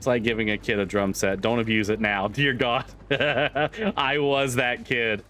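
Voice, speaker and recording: A man's voice: mid-range voice, steady tone, a little slow, sharp tone. A man livestreaming, chatting casually with viewers, laughing often, swearing freely and rambling through restarts. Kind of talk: casual chat with stream viewers.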